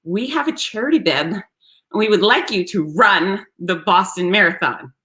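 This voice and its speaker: A woman's voice: medium pitch, expressive, moderate pace, bright, forceful tone. Woman quoting an upbeat man on the phone. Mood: persuasive. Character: friendly man making a pitch over the phone.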